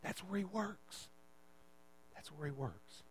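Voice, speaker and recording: A man's voice: high voice, sing-song, takes it slowly, slight background noise, poor audio. A man preaching a sermon as pastor, emphatic and repeating his phrases as he calls out to the congregation.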